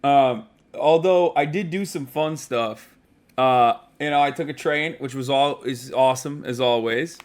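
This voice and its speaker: A man's voice: mid-range voice, a little slow. A man livestreaming from a hotel room, chatting casually with rambling, profane jokes.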